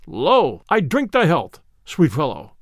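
A man's voice: a little high, wildly swooping pitch, takes it slowly, dry recording, studio quality, full character voice. A man voicing a sly, merry household cook who is fond of song and talks in a sweet, coaxing way.

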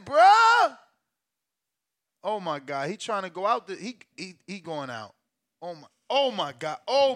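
A man hosting a live stream, reacting to a fight with loud, profane exclamations. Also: sits high. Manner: excitable, profane, shouts and exclaims.

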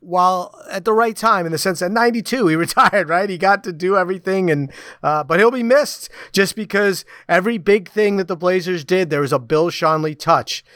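New york guy on a podcast, kinda high voice, lots of um and you know, dry close mic. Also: no echo. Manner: halting, many fillers, softens at ends of thoughts. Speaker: podcast co-host. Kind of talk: casual podcast chat.

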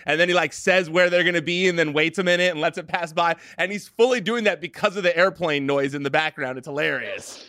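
A man hosting a podcast interview, telling quick stories and asking questions in a casual, chatty way. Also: on the high side, sharp tone. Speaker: podcast host.

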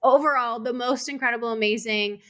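A woman's voice: a little high, steady tone, fairly quick, fairly bright tone. A woman co-hosting a podcast, chatting in an upbeat, gushing way. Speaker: podcast co-host. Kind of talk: casual chat.

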